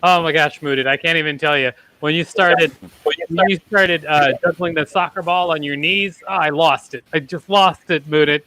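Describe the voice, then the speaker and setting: A man's voice: fairly high pitch, moderate pace, sharp tone, low-quality recording. A man hosting a talent show, exuberant, chanting in a sing-song way and gushing praise at the performers.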